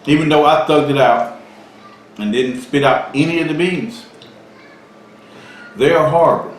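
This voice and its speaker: A man with a fairly high voice talks a little slowly while co-hosting a casual mukbang vlog, kidding around and bragging through his stories. The recording comes from a very echoey room with faint background noise.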